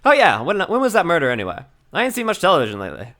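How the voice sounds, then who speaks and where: A man's voice: fairly high pitch, huge pitch swings, very fast, pushed and bright, pitched above the performer's own voice, full character voice. A man voicing a brash, tough Southern woman photographer in a game, with a drawling Southern US accent and a hollering folksy manner. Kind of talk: reading game dialogue aloud.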